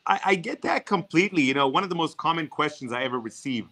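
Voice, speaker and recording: A man whose first language is not English gives energetic networking advice over a video call. He often repeats words as he starts sentences. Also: a little high, fast talker. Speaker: networking guest speaker.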